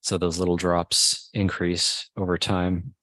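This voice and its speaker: A man, a Buddhist monk, giving a Dhamma talk at a meditation retreat, teaching slowly and pausing often. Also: deep voice, completely flat delivery, a bit bright, no echo. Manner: slow, measured teaching with pauses and restarts.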